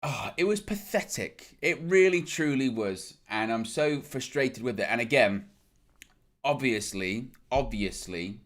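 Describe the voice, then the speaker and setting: A man hosting a football fan show, ranting in an animated, exasperated way after a match. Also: mid-range voice, a little slow. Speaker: football fan channel host.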